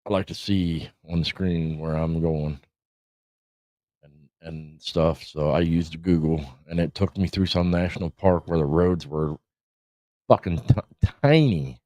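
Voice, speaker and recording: A man's voice: sits low, unhurried, warm tone, no echo. A middle-aged man hosting a casual livestream, rambling, swearing and laughing as he talks. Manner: rambling, profane, laughs often. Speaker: podcast host. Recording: dull lo-fi stream audio.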